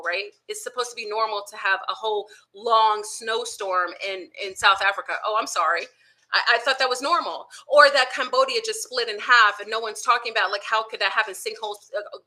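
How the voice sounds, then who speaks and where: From her home, with dogs nearby, an online commentator speaks directly to her viewers in a voice on the high side with a sharp tone. She goes unscripted, asking rhetorical question after rhetorical question and addressing them as y'all.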